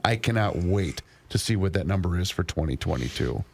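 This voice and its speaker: A man's voice: sits low, animated, fairly quick, vocal fry, darkish tone. A man co-hosting a talk show, reading out figures with dry sarcasm. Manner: reads figures out, dryly sarcastic. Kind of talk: casual chat.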